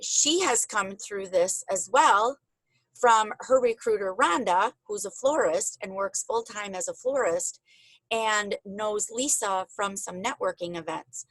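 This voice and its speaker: A woman's voice: mid-range voice, unhurried, a bit bright, no room sound, poor audio. A woman hosting a casual video call, chatty and openly emotional with her guests. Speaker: host.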